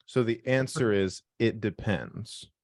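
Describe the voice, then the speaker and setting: Deep-voiced blunt trading mentor. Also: male voice, takes it slowly, darkish tone, dry recording, studio quality. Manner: blunt, joking, swears freely. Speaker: trading mentor hosting a live session. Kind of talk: live call-in session, casual profanity.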